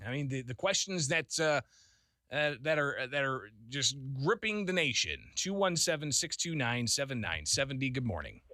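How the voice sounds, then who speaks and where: A man's voice: mid-range voice, sing-song, normal speed, sharp tone, no echo, clean studio sound. A man hosting a call-in radio talk show, chatty and laughing often, with lots of fillers. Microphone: studio microphone.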